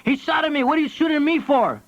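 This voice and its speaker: A man voicing a panicked man shouting from cover during a shootout, frantic and strained. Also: big pitch swings, a little fast, heavily acted. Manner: frantic, yelling high and strained. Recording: dull lo-fi tape audio.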